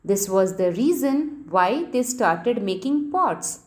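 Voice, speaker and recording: A woman's voice: mid-range voice, expressive, slow, darkish tone. A woman teacher, reading a textbook lesson to children and spelling out key words letter by letter.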